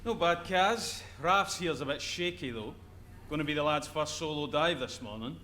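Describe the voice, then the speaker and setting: An actor playing an easygoing, joshing diver on an oil rig in a video game. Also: male voice, a little high, animated, moderate pace, pushed and bright, a little hiss or hum. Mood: teasing.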